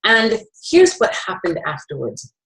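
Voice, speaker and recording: A woman's voice: medium pitch, wildly swooping pitch, unhurried, a bit bright, low-quality recording. A middle-aged woman presenting essential oils, telling a personal story in a chatty way with fillers and self-corrections.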